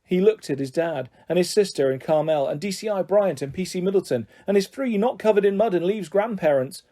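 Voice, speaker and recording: A man reads a children's book aloud, his voice warm and mellow. His pitch sits fairly high and moves a lot, and he jumps up higher still when he voices the characters. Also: animated, brisk. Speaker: storyteller.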